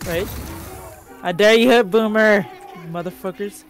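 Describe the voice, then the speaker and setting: A woman chatting casually as a co-player in a let's play, playful and quick to react, swearing under her breath. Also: medium pitch, faint music behind. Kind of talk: casual gameplay chat.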